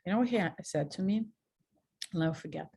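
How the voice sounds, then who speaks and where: This is a woman in her forties with a Russian accent, opening up about her own life as a guest. Her voice sits somewhat low, and she talks frankly and with animation. She laughs at herself and often stops to restart her sentences. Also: lively intonation, fast, creaky, warm tone, slightly rough. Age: 40s. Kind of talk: candid personal storytelling.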